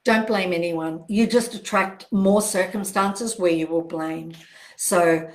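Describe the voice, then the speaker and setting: An older woman, a self-help author, hosts a live Q&A stream in a low, steady voice. She sounds gentle and reassuring, leaving soft pauses and repeating phrases.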